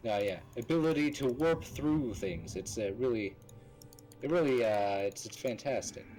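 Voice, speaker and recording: A man's voice: medium pitch, lively intonation, normal speed, warm tone, faint music behind, low-quality recording. A man chatting and joking in casual gaming banter with friends over voice chat. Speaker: gamer on stream.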